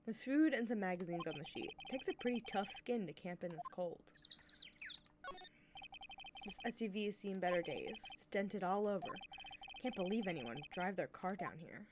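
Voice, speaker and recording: A woman's voice: mid-range voice, animated, normal speed, noisy background, lightly acted. A woman reading a stammering young male lawyer. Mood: flustered. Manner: hesitant, stammering. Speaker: video game character.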